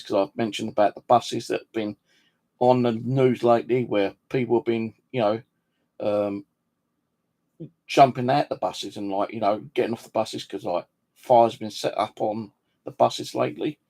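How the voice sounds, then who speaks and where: A man's voice: fairly low pitch, gravelly, a little mellow. A man telling an angry story in a casual monologue, swearing freely and acting out the conversations. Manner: swears freely, indignant, retells dialogue. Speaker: vlogger.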